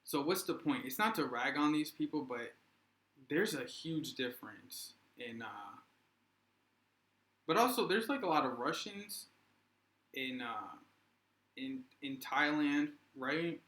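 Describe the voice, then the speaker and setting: Bright-voiced man in an echoey room. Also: medium pitch, expressive, slow pace, long pauses. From United States. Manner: rambling, loose and conversational. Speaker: vlogger. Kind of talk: casual vlog commentary. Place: indoors in Russia.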